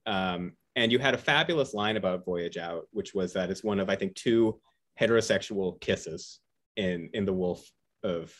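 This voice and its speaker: A man interviewing an author on a video call, enthusiastic and halting, with frequent restarts. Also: deep voice, fairly bright tone. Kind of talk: casual conversation.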